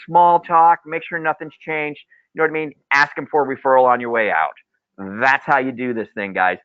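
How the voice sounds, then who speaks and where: A man's voice: medium pitch, normal speed, no room sound. A man coaching loan officers in a webinar, telling stories with lots of repeated phrases. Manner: animated storyteller, repeats key phrases. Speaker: mortgage loan officer presenter. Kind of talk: webinar sales coaching talk. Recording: tinny dry phone-like line.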